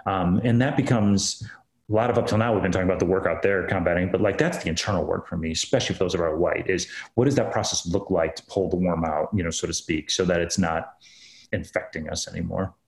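A man's voice: low voice, fast, poor audio. A man speaking as an author guest in a casual interview, earnest and thoughtful.

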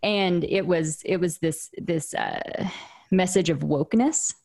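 A woman's voice: on the low side, takes it slowly, vocal fry, a little mellow. A woman hosting an interview podcast, talking things through in a casual, reflective way with frequent restarts and fillers. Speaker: podcast host.

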